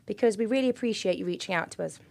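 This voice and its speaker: A woman's voice: mid-range voice, racing, creaky, darkish tone, a little hiss or hum. A young woman co-hosting a podcast in casual chat, giggly and reading out listener messages. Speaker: podcast co-host.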